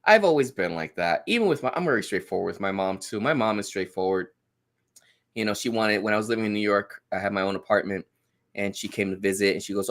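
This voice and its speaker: Guest, male, snarky deadpan storyteller, animated pitch. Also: fast. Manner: dry, sarcastic storyteller. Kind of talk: casual chat.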